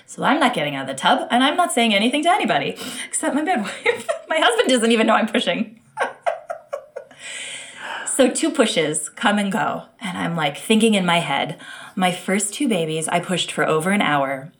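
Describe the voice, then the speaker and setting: A woman from the United States telling her birth story in an interview, animated, acting out quotes and laughing often. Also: medium pitch, normal speed. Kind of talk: emotional personal storytelling.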